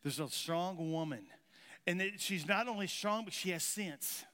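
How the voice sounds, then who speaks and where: A man's voice: high-pitched, measured pace, pushed and bright. A man preaching a sermon as pastor, telling a folksy story and quizzing his congregation. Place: church sanctuary. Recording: reverberant church hall.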